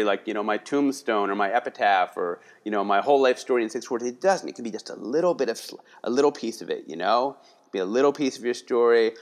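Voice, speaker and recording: A man from the Philadelphia area talking casually in an interview, rambling with many restarts and tags like "you know" and "right". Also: mid-range voice. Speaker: guest, writing workshop leader.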